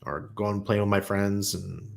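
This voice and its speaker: A man's voice: fairly low pitch, little pitch movement, normal speed, vocal fry. A middle-aged man hosting a casual livestream, chatty and telling stories with easy laughs, reading out viewer comments. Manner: chatty, storytelling, laughs easily. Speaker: host of a crypto channel.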